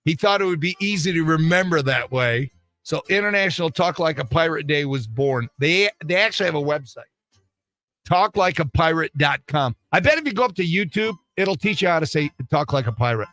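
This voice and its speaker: A man's voice: a little high, expressive, fairly quick, fairly bright tone. An older man hosting a radio show from the studio, running through joke-filled news bits with a wisecracking delivery. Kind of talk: morning radio comedy chat.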